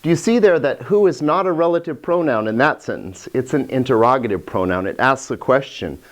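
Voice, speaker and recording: A man's voice: medium pitch, expressive, a little fast. A man teaching a grammar lesson, patient and explanatory, often repeating words as he restarts his sentences. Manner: holds a cat while teaching. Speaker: Greek teacher.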